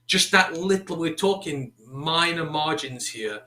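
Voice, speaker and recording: A man's voice: on the high side, lively intonation, unhurried, bright, forceful tone. A man co-hosting a casual sports talk show, giving long, detailed analytical answers. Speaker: co-host. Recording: echoey room.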